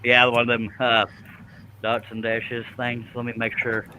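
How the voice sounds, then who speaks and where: A man's voice: medium pitch, completely flat delivery, measured pace, sharp tone, a little hiss or hum, low-quality recording. A man hosting a live stream, chatting casually and joking while he works at a scroll saw. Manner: joking, folksy, laughs often. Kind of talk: casual chat while working.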